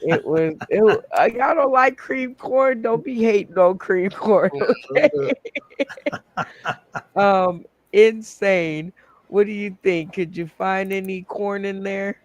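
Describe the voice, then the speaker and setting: Male comedy host, high pitch, laid-back pace, laughs a lot, rambles, video call. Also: takes it slowly, no echo, highs cut off. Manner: laughs often, rambling with fillers. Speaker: game show host. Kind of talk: casual comedy hosting.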